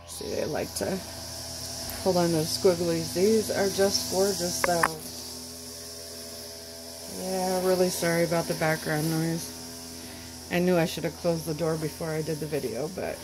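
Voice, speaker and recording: A woman's voice: on the low side, noisy background. A woman hosting a casual unboxing vlog, gushing and stammering, choked up and close to tears. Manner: gushing, stammering, breaks off mid-sentence. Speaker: channel host.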